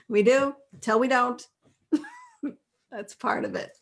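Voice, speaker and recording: Slow, gently affirming woman teacher. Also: a little high, lively intonation, creaky. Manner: gentle, affirming, laughs often. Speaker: course leader. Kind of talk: live online class, reading out chat replies.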